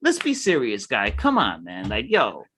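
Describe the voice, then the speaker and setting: Bright-voiced New man ranting. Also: on the low side, wildly swooping pitch, a little slow, breathy edge, faint music behind. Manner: heated ranting, mimics others. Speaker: podcast co-host. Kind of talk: casual chat.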